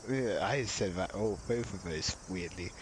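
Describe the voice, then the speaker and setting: A man's voice: low-pitched, a little slow, a little hiss or hum, poor audio. A man reading a visual novel's narration aloud during a let's play, breaking off into wry, casual comments. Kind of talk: reading game text aloud with casual asides.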